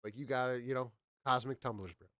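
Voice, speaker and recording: A man's voice: medium pitch, steady tone, quick pace, fairly bright tone, no room sound, clean studio sound. A man hosting a casual live show. He rambles, laughs and repeats himself. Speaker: podcast host. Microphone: studio mic.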